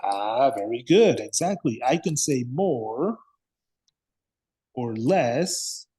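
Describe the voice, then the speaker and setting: Male English teacher, slow and patient, slightly husky, checks in with students constantly. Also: mid-range voice, animated, warm tone. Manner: patient, repeats words slowly, frequent "yes?" and "okay?" checks. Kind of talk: classroom grammar lesson.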